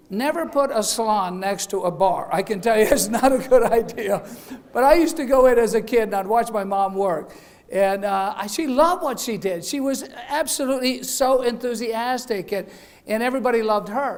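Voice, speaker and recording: A middle-aged man, founder of a beauty school, giving a chatty graduation speech, cracking jokes and laughing at them, sometimes acting out quoted voices. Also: sits high. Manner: chatty, jokey, laughs at his own jokes. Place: event hall.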